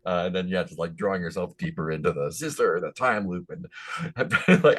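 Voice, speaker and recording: Deep-voiced chuckling man. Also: normal speed, breathy edge. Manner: chuckling, rambling, relaxed. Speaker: tabletop game player. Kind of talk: casual post-game chat.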